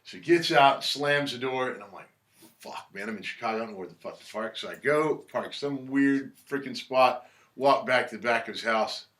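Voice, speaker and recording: A man's voice: mid-range voice, moderate pace, a bit bright. A man telling stories in a casual interview, laid-back, swearing freely and acting out what others said. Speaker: musician guest. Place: record shop.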